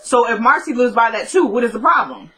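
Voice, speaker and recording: A woman with a bright, forward voice recaps a TV episode in a loose, chatty way. She is opinionated and keeps breaking off into quick asides and jokes, as if talking straight to her regular viewers. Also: on the high side, expressive, low-quality recording. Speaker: TV episode reviewer. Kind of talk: casual episode recap with commentary.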